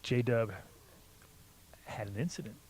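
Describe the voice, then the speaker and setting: A man's voice: medium pitch, takes it slowly. A man hosting a casual podcast chat, telling stories with lots of swearing and acting out quotes in a raised voice. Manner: animated, profane, acts out quotes in a raised voice. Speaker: podcast host.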